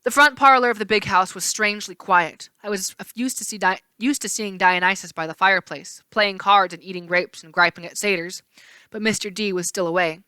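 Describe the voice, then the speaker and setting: Woman reading a chapter book out loud, bright and close, no room sound at all. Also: mid-range voice, a little fast, smooth, no echo. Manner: expressive first-person reading with small slips. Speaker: read-aloud narrator. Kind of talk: reading a novel aloud.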